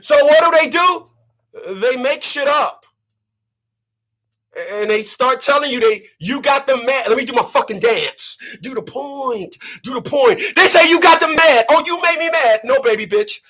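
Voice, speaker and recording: A man's voice: very high-pitched, animated, measured pace, sharp tone. A man delivering preachy, profane ranting commentary on his channel, repeating lines for effect. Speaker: vlogger.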